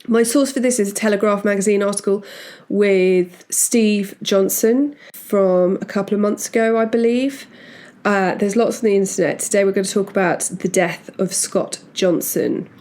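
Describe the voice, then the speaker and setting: A woman's voice: medium pitch, steady tone, moderate pace, a little mellow. A woman hosting a podcast, telling a true-crime story in a casual, chatty way with restarts and asides. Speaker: podcast host.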